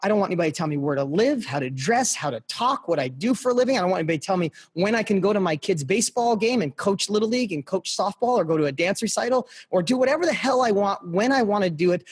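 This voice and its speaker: A man's voice: high-pitched, breathy edge. A middle-aged man guesting on a podcast, telling a personal story in a passionate, emphatic motivational style and speaking straight to the listeners. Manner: passionate, emphatic, repeats phrases for punch.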